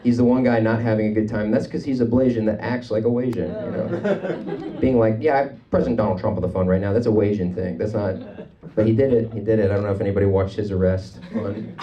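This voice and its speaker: A man doing a rambling, deadpan, self-deprecating stand-up set on a comedy club stage. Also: lowish voice, fairly quick, lo-fi sound. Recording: club audio, mic at a distance, crowd audible.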